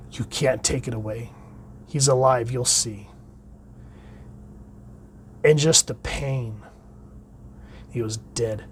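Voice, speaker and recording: A man hosting a casual solo comic book review. He reads the comic's dialogue aloud with enthusiasm, and his voice often trails off quietly at the end of phrases. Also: mid-range voice, slight background noise.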